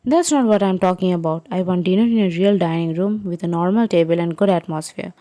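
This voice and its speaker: A woman's voice: lowish voice, a little fast, warm tone, no echo, lightly acted. A woman voicing a protective mother who worries about her grown sons, earnest and insistent.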